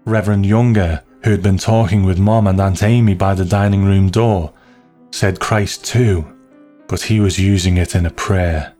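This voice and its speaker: A man narrating a story in a slow, measured, hushed way. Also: low-pitched, steady tone, faint music behind.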